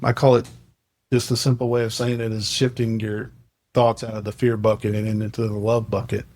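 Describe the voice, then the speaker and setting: A man's voice: lowish voice, level tone, brisk, a little mellow. A middle-aged man on a podcast, earnestly telling a family story and acting out the dialogue. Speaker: podcast host sharing a coaching program. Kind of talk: casual podcast chat, storytelling.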